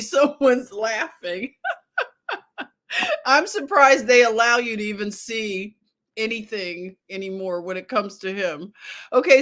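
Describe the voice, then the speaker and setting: A woman's voice: on the high side, a bit bright. A woman hosting a casual livestream, reading news headlines aloud with sarcasm and chuckling at them. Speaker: livestream host.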